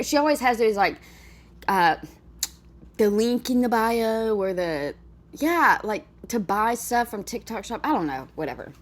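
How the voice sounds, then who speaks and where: A woman chatting casually as she reacts to a video clip, exclaiming and laughing between remarks. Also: medium pitch.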